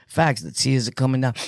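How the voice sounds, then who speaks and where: A man with a New York accent telling his prison stories to viewers in a casual, jokey way, full of street slang and quick laughs. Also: medium pitch, fairly even intonation, gravelly, dry recording, studio quality.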